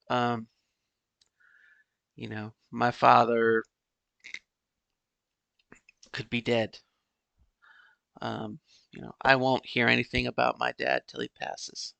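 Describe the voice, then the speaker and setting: A middle-aged man hosting a podcast alone, musing in a halting, rambling way with many "you know"s and restarts. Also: medium pitch, little pitch movement, gravelly, bright, forceful tone, clear, resonant tone, no echo. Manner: wistful, resigned musing. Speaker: podcast host. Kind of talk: casual solo monologue.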